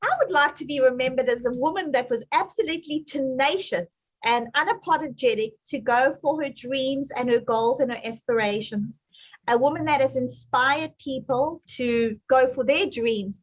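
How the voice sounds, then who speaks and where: A woman with a South African accent, a guest on a podcast interview, talking in an animated and upbeat way. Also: high voice, moderate pace, rough recording. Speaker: entrepreneur guest. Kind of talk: casual interview.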